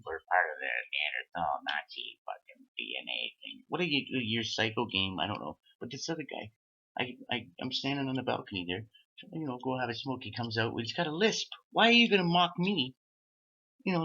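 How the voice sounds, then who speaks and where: A man with a husky, rather low voice rambles through a profane rant and laughs at his own stories. His tone is edgy and sharp, swinging widely up and down. The audio sounds dull and lo-fi.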